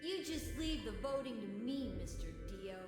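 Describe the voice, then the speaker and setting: A woman's voice: high voice, lively intonation, moderate pace. A woman voicing a young boy in a video game, whiny and indignant. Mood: scheming. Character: young boy, pleading then furious. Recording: game audio with music; echoey playback.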